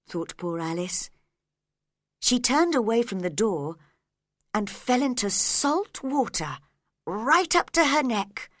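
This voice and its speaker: A woman reads a storybook aloud in a gentle narrating voice. She takes her time, lingering on every word, while her pitch moves in a lively, expressive way. The sound is close and dry. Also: slow pace, pauses often, no room sound.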